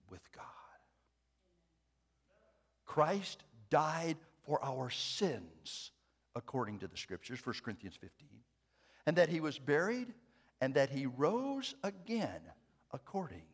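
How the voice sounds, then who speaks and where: A man preaching a sermon, moving from hushed, quiet phrases to loud emphatic declarations, with light jokes for the congregation. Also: medium pitch, husky.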